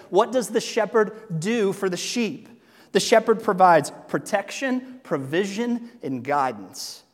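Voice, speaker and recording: A middle-aged man preaching a sermon as pastor, in a lively, conversational way with jokes and laughs. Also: high-pitched. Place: church sanctuary. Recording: long reverb of a large hall.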